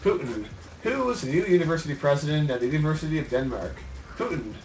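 A man's voice: a little high, expressive, fast talker, slight background noise. A man joking around in a goofy way while co-hosting a game stream. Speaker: co-host. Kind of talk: casual gaming chat. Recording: roomy, distant from the mic.

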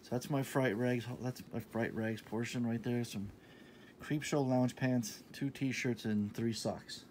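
A man in his thirties talking casually in a shopping haul vlog, enthusiastic and repetitive, sometimes dropping to a soft half-whisper. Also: mid-range voice, steady tone, unhurried, a little hiss or hum. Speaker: vlogger showing a shopping haul.

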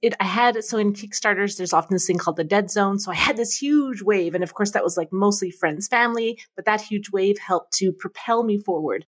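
A woman co-hosting a podcast, chatting excitedly and laughing often. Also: mid-range voice, fairly quick, hardly any pauses. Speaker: podcast co-host. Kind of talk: casual podcast chat.

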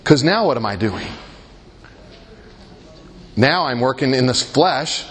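A man's voice: medium pitch, expressive, takes it slowly, a bit bright, slight background noise. A man leading a Christian workshop in a conversational way, often asking his listeners rhetorical questions and making jokes at his own expense. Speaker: workshop leader.

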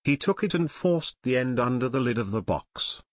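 A male audiobook narrator reads a scripted story in a steady, measured way. His mid-pitched voice is recorded close and dry, with no room sound at all.

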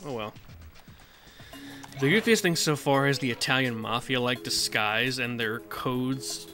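Bright-voiced guy chatting over a game. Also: medium pitch, a little slow, soft background music. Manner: chatty, swears, answers chat. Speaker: let's play streamer. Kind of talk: casual gameplay commentary.

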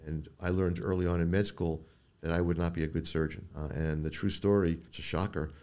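Being interviewed on a podcast, an older neuro-oncologist tells brisk stories in a low voice. He acts out the people involved, giving their quotes animated voices.

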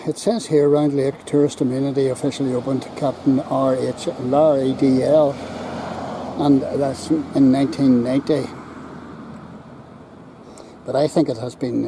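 A man's voice: mid-range voice, steady tone, unhurried, gravelly, noisy background. A man with a Northern Irish accent giving chatty, enthusiastic walking-tour commentary outdoors by a lake, filmed on a handheld camera. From Northern Ireland. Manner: chatty, enthusiastic, talks to passers-by. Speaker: vlogger and tour guide.

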